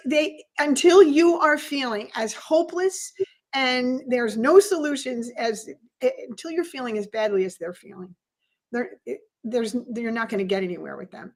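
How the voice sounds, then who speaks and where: Woman podcast co-host, fairly high voice, earnest and explanatory, repeats herself to drive a point home. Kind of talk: casual podcast conversation.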